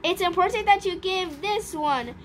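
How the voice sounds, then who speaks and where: A woman doing a stern booming witch teacher. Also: noisy background. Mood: commanding. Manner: commanding, slow and deliberate.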